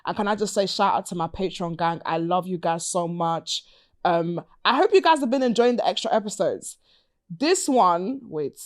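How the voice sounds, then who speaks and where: A woman hosting a podcast interview in an upbeat, playful manner full of slang and shout-outs. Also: lowish voice, expressive, moderate pace, no echo, studio quality. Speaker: podcast host. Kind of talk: lively interview chat.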